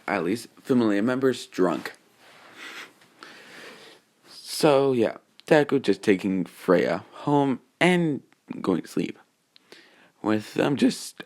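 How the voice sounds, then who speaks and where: A man casually retelling a fan-made story, meandering and full of restarts and filler. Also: fairly low pitch.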